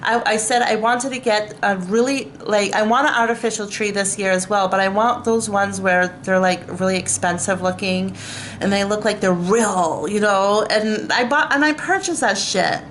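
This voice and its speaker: A woman's voice: mid-range voice, moderate pace, fairly bright tone, slight background noise. A woman vlogger ranting to camera, exasperated and swearing, with lots of fillers and bursts of laughter at herself. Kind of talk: casual rant to camera.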